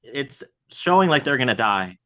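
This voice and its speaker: A man co-hosting a podcast in casual chat, relaxed and thinking aloud. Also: medium pitch, moderate pace. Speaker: podcast co-host.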